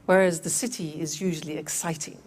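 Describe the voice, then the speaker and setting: A woman teaching English vocabulary, repeating words slowly and clearly for learners. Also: sits low, fairly even intonation, a little mellow. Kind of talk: slow, clear language lesson.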